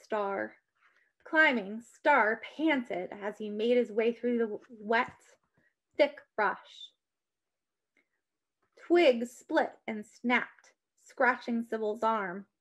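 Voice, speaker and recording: A woman reading a children's story aloud with an expressive, dramatic delivery. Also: a little high, slow.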